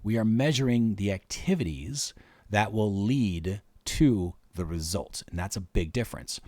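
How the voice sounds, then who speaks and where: A man's voice: on the low side, animated, a little slow, a little mellow, dry recording, clean studio sound. A man hosting a marketing workshop, walking casually through spreadsheet figures step by step. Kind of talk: screen-share workshop explanation.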